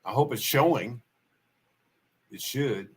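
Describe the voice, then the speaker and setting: A man's voice: mid-range voice, slow, slightly rough. A man hosting a livestream, telling stories in a folksy, rambling way and repeating his key points. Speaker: livestream host. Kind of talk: casual spoken storytelling.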